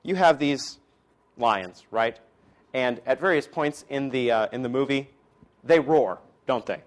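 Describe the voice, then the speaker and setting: A man preaching at a middle pitch, who rises to loud, emphatic declarations and then drops to soft, hushed asides. He talks to his listeners directly and teases them now and then. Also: measured pace. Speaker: preacher and teacher. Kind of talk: sermon to a class.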